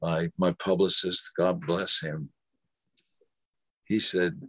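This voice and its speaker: Husky-voiced older man telling stories. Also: low voice, level tone, slow, pauses often, a bit bright, dry recording. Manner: rambling, with restarts and quoted dialogue. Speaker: actor guest. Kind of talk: anecdotal interview storytelling.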